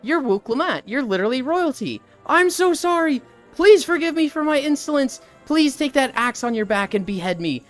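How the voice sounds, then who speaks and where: A streamer putting on a squeaky groveling old man. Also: very animated, normal speed, few pauses, soft background music. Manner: squeaky, exaggerated, pleading. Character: groveling old male character, overly dramatic.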